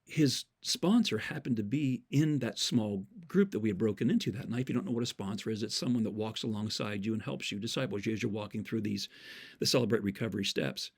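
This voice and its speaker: A man's voice: on the low side, fairly quick, husky. A man giving an earnest, sermon-style talk, telling stories and citing scripture verses from memory, repeating key words for emphasis. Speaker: Christian speaker.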